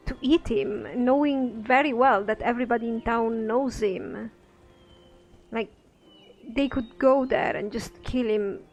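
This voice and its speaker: A woman musing aloud as she plays and comments on a game. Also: a little high. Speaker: let's play host. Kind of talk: gameplay commentary. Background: faint game music.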